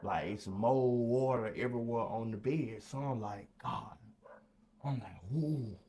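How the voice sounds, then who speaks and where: Young man, casual podcast storytelling, jumps into loud high voices. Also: measured pace, slight background noise. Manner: animated, acts out quoted voices with loud high bursts. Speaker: podcast guest telling a prison story.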